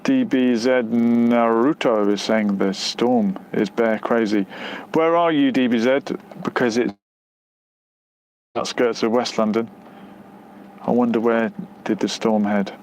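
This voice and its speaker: This medium-pitched, slightly mellow male voice moves at a slow pace, with a bit of hiss or hum behind it. Hosting a laid-back live stream near West London's outskirts, he reads viewers' comments aloud and stumbles through rambling replies full of fillers and restarts.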